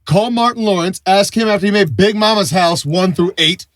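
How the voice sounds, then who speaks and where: A man's voice: high-pitched, normal speed, fairly bright tone, no room sound, studio quality. A young man co-hosting a podcast, jumping in with wisecracks in crude casual chat. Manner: wisecracking, jumps in with quips. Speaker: podcast co-host.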